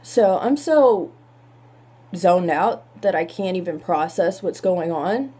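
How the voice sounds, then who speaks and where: A woman telling a painful personal story in halting words, holding back tears. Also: lowish voice, lively intonation, dark tone, breathy edge.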